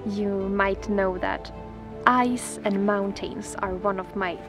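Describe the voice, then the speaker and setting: A Swedish woman vlogging outdoors on a frozen lake, speaking in a gentle, dreamy, excitable way that sometimes drops softly toward a whisper. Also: mid-range voice, slow pace, faint music behind, low-quality recording. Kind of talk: casual vlog talk to camera.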